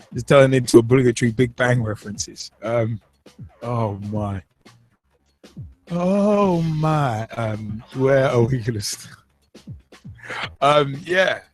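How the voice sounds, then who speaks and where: Casting: male football podcast host, loose and jokey, mid pitch, faint music underneath. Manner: rambling, jokey, laughs at own asides. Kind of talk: casual football chat show.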